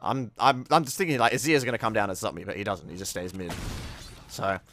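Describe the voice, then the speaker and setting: A young man talks loosely over his gameplay footage, swearing often and flaring up when something annoys or excites him. His voice is bright and pressed forward, with a faint hiss of noise behind it. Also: on the low side, fairly quick. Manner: laid-back, swears freely, bursts into excited outbursts. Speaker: gameplay commentator.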